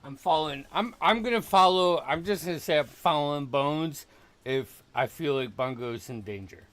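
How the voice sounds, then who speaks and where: A man playing a tabletop game, unhurried and asking questions as he goes. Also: on the high side, fairly bright tone. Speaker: player. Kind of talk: casual tabletop game play.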